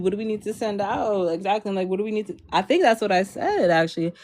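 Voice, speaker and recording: A woman's voice: medium pitch, expressive, fast talker, darkish tone, slight background noise. A young woman from Maryland telling a personal story in a storytime vlog, rambling with lots of fillers and frequent laughs.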